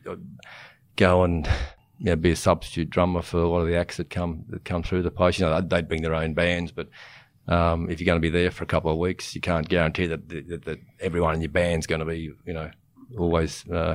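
An Australian man in his sixties, a former chief executive, telling rambling anecdotes as a podcast guest and chuckling as he goes. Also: low voice. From Queensland, Australia. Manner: rambling, self-interrupting, chuckles through his stories. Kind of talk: casual anecdotal storytelling.

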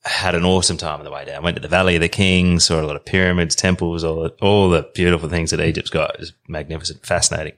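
Deep-voiced laid-back Australian man. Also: fairly even intonation, fast, few pauses, a bit bright. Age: 30s. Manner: easygoing, rambling yarn-spinner. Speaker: podcast guest. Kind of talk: casual storytelling.

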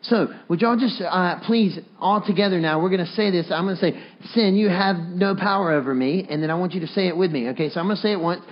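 A man's voice: high-pitched, fast, hardly any pauses, muffled recording. A man preaching a sermon, coaxing his congregation to repeat a phrase back to him. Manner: leads the congregation in call-and-response, earnest and coaxing. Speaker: pastor.

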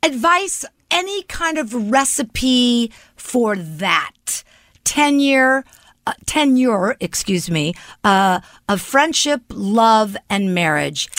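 A woman hosts a casual interview in a chatty, enthusiastic way and often jokes about herself. Her voice sits a bit high. The sound is dry and close. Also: lively intonation, takes it slowly, fairly bright tone, dry recording. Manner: chatty, enthusiastic, self-mocking. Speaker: host.

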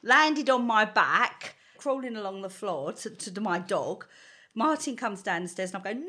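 Speaking at an unhurried pace in a medium pitch, a woman chats casually and spins a story full of laughter. She animates it by acting out the quotes, laughing often along the way.

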